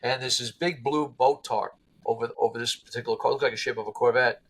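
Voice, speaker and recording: A man being interviewed as a guest, telling a long anecdote in a lively way and acting out the people he quotes. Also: medium pitch, quick pace, slightly rough, low-quality recording. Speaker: interview guest, car restorer. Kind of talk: animated storytelling anecdote.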